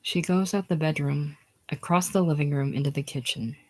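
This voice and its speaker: A reader giving a plain, unhurried reading of a screenplay's stage directions, now and then dropping to a whisper. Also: mid-range voice, steady tone.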